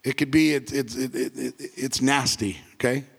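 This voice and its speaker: A man's voice: mid-range voice, fairly even intonation, moderate pace, gravelly, slightly rough, long reverb tail. A male pastor preaching a sermon, repeating key phrases and asking the congregation to say words back with him.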